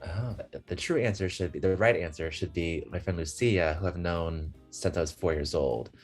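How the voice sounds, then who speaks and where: Deep-voiced animated young man. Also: normal speed, soft background music. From United States. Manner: animated, laughing, acts out voices in his stories. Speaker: guest. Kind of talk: casual storytelling chat.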